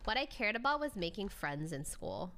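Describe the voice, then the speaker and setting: A woman's voice: mid-range voice, sing-song, moderate pace, a bit bright. A young adult woman streamer chatting casually, telling stories with frequent laughs and casual swearing. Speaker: streamer reacting to a video. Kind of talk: casual chat.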